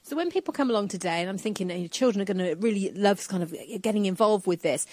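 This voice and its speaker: Fast-talking chatty woman reporter. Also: mid-range voice, lively intonation, a little mellow, no room sound. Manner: chatty, with fillers like "kind of". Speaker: radio reporter. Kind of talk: radio interview on location. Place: university campus.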